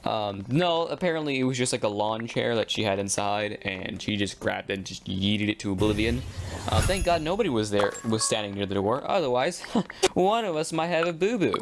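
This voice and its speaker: A man's voice: on the low side, creaky. Rambling young man with a noisy mic. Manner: rambling, animated retelling with quick voiced quotes. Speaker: gaming storyteller. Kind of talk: casual storytime over gameplay.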